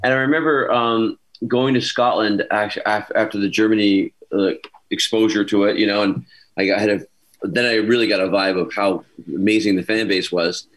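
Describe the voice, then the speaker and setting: Low-pitched guy on a zoom call, rambling story, lots of restarts, animated. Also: normal speed, low-quality recording. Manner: lively storyteller, many restarts and asides. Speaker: panel guest actor. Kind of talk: casual anecdote telling. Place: home, on a video call. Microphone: video call mic.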